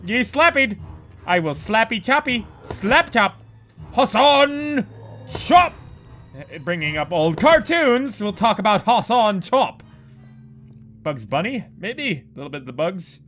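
A man giving let's play commentary on a horror game, excitable and prone to profane outbursts. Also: high voice, unhurried, faint music behind. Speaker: gameplay commentator.

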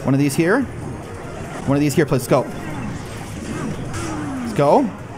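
A man hosting a gaming video, giving live gameplay commentary with excitable shouted reactions and teasing banter at his opponent. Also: a little high, takes it slowly, music in the background.

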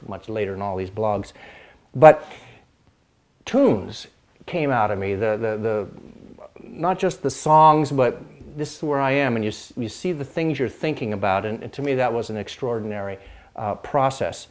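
Older man reminiscing, rambling and unhurried. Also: on the low side, darkish tone. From Pacific Northwest, United States. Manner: rambling, with frequent restarts and fillers; demonstrates chords while talking. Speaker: host and dulcimer player. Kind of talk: casual reminiscing monologue.

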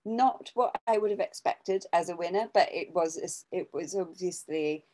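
A woman's voice: fairly low pitch, normal speed, darkish tone, slight background noise, poor audio. An English woman co-hosting an art podcast, chatting casually, rambling with many restarts and small laughs. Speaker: podcast co-host and artist. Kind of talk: casual chat.

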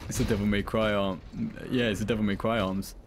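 Lower-voiced man joking through gameplay. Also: fairly quick. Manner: joking, jumps into high-pitched excited yelps. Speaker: gameplay commentator. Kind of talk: casual let's-play commentary.

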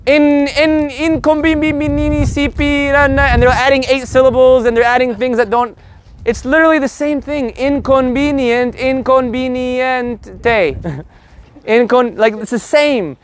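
High-voiced man teaching Spanish. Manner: energetic, joking, drawn-out sounded-out words. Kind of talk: lively online language lesson.

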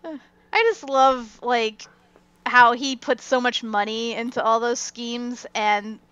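A woman's voice: a little high, slow pace, a bit bright, clear, resonant tone, no echo. A woman co-hosting a casual fan discussion podcast, chatty and giggly, saying "like" a lot. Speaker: podcast co-host. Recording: dull, dry lo-fi mic.

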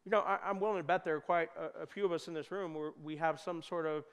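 A man preaching a sermon in a church, talking conversationally and joking, with sudden loud bursts. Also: a little high, steady tone, quick pace, smooth. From United States. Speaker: pastor. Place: church hall. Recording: long hall reverb.

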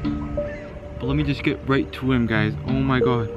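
A young man vlogging outdoors in a field, talking in excitable, slangy bursts and calling out to his viewers. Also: mid-range voice, unhurried, lo-fi sound. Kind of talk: casual vlog commentary. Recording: music playing loudly underneath.

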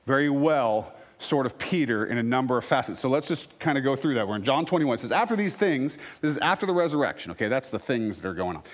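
A man preaching a sermon as pastor, reading scripture aloud with casual, joking asides between passages. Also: mid-range voice.

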